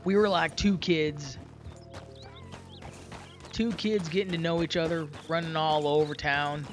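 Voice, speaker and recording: A man's voice: on the high side, fairly even intonation, a little slow, soft background music. A young man casually telling a roleplay story in a folksy, rambling way with many fillers and restarts.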